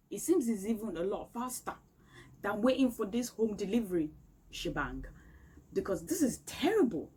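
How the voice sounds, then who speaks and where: Speaking to camera from her home, a woman airs an emphatic, exasperated complaint. Her medium-pitched voice is warm with a breathy edge, the recording is rough, and faint outdoor street noise sits in the background.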